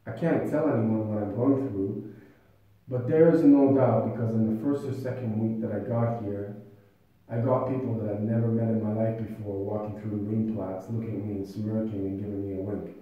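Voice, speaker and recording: A man's voice: lowish voice, steady tone, normal speed, narrow, tinny audio. A man urgently recounting a grievance in a meeting, quoting what others said to him. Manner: earnest, urgent, often quotes others. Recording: very echoey room, voice far from mic.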